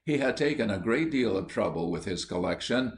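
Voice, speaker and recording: Low-voiced male audiobook narrator. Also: expressive, brisk. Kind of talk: scripted narration.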